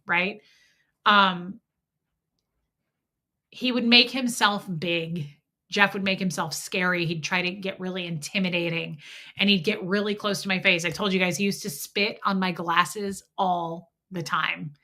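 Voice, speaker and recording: A woman telling a personal story on her livestream, candid and animated, acting out quotes and swearing freely. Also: lowish voice, unhurried. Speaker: livestream host. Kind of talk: casual live chat storytelling.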